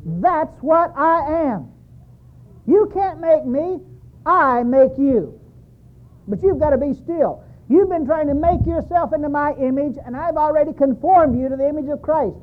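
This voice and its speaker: A preacher voicing God as a calm, commanding presence, speaking slowly and gravely, heard through a tinny, phone-like recording. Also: male voice, very high-pitched. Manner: slow, grave, measured.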